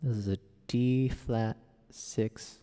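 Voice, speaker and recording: A man's voice: medium pitch, fairly even intonation, slow, warm tone, smooth, in a large hall. A man streaming piano, chatting casually as he reads viewer messages aloud and answers them. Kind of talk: casual live-stream chat.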